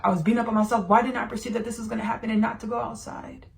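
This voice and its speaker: A woman hosting a podcast, giving a channeled spiritual monologue and sharing personal thoughts in a slow, drawn-out, meditative way. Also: a little high, fairly even intonation, gravelly. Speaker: podcast host.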